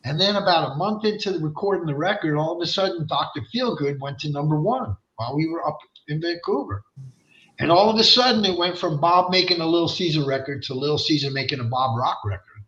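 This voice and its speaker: A high, bright male voice tells a rowdy, swearing-laced story in a casual interview and jumps into the voices of the people in it. The sound is roomy and a little dull, like lo-fi livestream audio. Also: a little fast. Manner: animated, profane storyteller who acts out voices. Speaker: guest rock singer.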